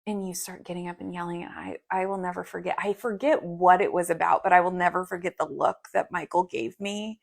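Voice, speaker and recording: A woman's voice: lowish voice, fairly quick, vocal fry, few pauses. A woman in her thirties co-hosting a podcast, telling stories in casual chat with lots of fillers. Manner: animated storytelling with many fillers. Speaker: podcast co-host.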